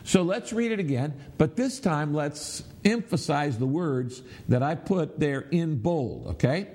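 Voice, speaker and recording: A man's voice: on the high side, animated, measured pace, hardly any pauses, darkish tone, husky. A middle-aged man preaching a sermon, teaching his congregation and leading them in reciting aloud, with emphatic repetition. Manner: instructive, leads the audience in reciting aloud; emphatic, repeats phrases for emphasis. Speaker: pastor.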